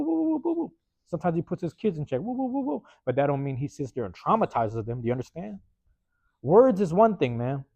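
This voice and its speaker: This West Coast man hosts a podcast as a laid-back storytelling monologue, cursing, using slang, and repeatedly saying "man" and "bruh." When quoting his neighbors he slips into lively put-on voices. His pitch is medium, and the dull, dry close recording has no echo.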